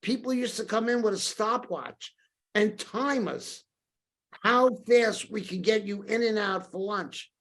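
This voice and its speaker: A man's voice: high-pitched, a little slow. Older New man telling stories. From New York. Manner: lively anecdotal storyteller, acts out quoted dialogue. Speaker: podcast guest. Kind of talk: casual storytelling interview.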